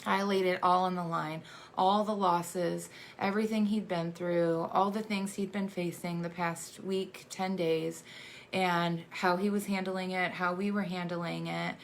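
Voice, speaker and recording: Emotional gravelly-voiced woman telling a story. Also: fairly low pitch, little pitch movement, a little hiss or hum. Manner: emotional and halting, many fillers and restarts. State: emotional, choking up. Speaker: adoptive mother sharing her family's story. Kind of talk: personal storytelling monologue.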